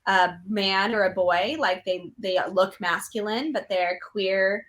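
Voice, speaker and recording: A woman's voice: medium pitch, fairly even intonation, slow, fairly bright tone. Chatty young woman. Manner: chatty, many likes and ums, laughing asides. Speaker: magician guest. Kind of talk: casual interview chat.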